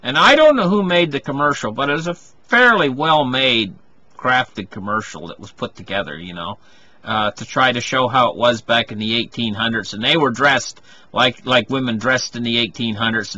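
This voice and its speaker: A man's voice: medium pitch, normal speed, sharp tone, dull audio. A man giving a rambling monologue, circling back with restarts and frequent asides. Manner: rambling, full of restarts and "you know".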